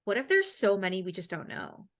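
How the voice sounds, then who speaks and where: A woman's voice: medium pitch, very animated, fairly quick. Young woman from Canada, podcast host; loose, chatty delivery with frequent swearing. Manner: chatty, swears freely, laughs often. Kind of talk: casual podcast interview.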